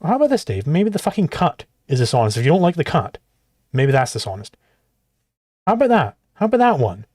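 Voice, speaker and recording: A man's voice: a little high, huge pitch swings, brisk, darkish tone, no echo, studio quality. Swearing, exasperated male livestream host. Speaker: livestream host reacting to clips. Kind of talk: profane livestream commentary.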